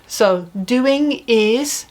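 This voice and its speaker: A woman's voice: on the high side, lively intonation, extremely slow, darkish tone. A woman teaching a language lesson, patiently asking questions and modeling phrases for the learner. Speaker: Spanish teacher. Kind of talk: slow spoken language lesson.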